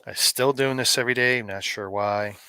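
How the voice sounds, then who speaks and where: Middle-aged man from Canada, joking streamer, bright forward tone, dry close sound. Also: mid-range voice, fairly quick, clear, resonant tone, dry recording. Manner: rambling, joking, chats to viewers by name. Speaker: live streamer opening advent calendars. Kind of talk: casual live-stream chat.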